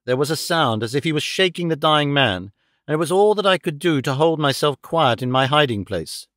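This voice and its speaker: A man narrating a classic detective audiobook in a measured, low-key way into a close microphone. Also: animated, a bit bright, no room sound. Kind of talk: scripted narration.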